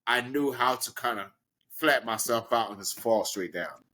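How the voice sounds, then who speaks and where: A man from Brooklyn tells a story as an interview guest. His voice sits at an ordinary middle pitch, but he is animated and acts out the people in his story with sudden high leaps. His delivery is casual and conversational. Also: normal speed. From Brooklyn, New York. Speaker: guest, professional wrestler.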